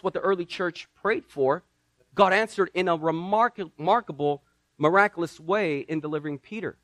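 High-voiced man preaching a dramatic sermon. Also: a bit bright, no room sound. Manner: dramatic, acts out the story's voices. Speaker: pastor.

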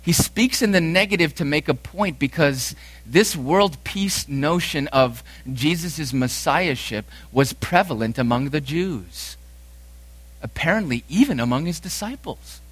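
A man preaching a sermon, emphatic, repeating lines for force, swinging from loud to hushed. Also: a little high, expressive, a little slow. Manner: emphatic preaching with dramatic swings in loudness and repetition. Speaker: pastor.

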